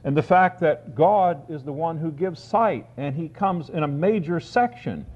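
A man giving a sermon, reading scripture aloud and explaining it, slowing down to stress key phrases. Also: a little high, lively intonation, a little mellow. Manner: deliberate, slows for emphasis on key phrases. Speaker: preacher. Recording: dull lo-fi recording.

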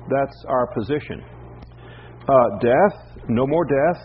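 A man preaching a teaching sermon, speaking in a measured way with frequent "uh" pauses. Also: mid-range voice. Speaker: pastor. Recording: slightly dull recording with faint background noise.

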